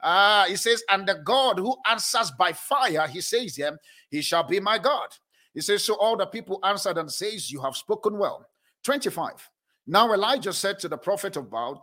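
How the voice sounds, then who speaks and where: A man preaching a sermon as a prophet, reading scripture slowly and making emphatic declarations. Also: high voice, bright, forceful tone. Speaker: pastor.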